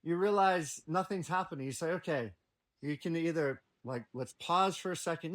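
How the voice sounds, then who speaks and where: A man's voice: on the high side, normal speed. A man talking as a podcast guest in casual conversation, blunt and profane, telling stories with energy. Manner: blunt and profane, lively storytelling.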